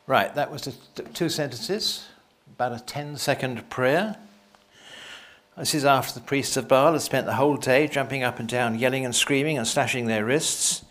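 Reading from the Bible at a moderate pace, this teacher keeps pausing to add dry, chatty comments of his own. His voice is medium in pitch and fairly bright.

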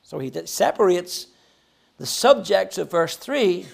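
This sermon comes from a high-pitched man with lively intonation and vocal fry, speaking a little slowly. He addresses his church emphatically, building points through repetition and lifting his voice for scripture readings.

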